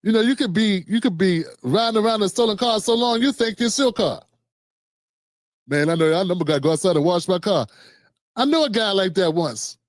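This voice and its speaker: A man's voice: high-pitched, animated, fairly quick, dry recording. Sarcastic man with a dry sound. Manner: sarcastic, joking storyteller, slangy. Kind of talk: live-stream commentary.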